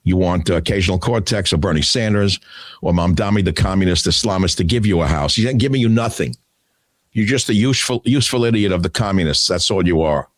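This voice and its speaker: A man's voice: sits low, fast, no echo. An older man hosting a talk radio show, delivering a combative, scornful solo monologue. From United States.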